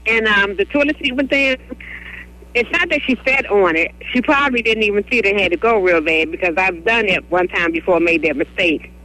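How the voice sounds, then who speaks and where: A woman's voice: mid-range voice, a little fast, bright, forceful tone, rough recording. A woman calling a radio show, explaining her theory in a rambling, earnest way. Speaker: caller. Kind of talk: phone-in chat.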